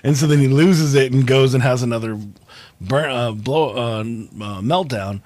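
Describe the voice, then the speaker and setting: A man's voice: mid-range voice, normal speed, a little mellow, no room sound. A young man hosting a casual podcast over a video call, telling stories with lots of fillers and restarts. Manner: rambling storyteller, many fillers and restarts. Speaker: podcast host.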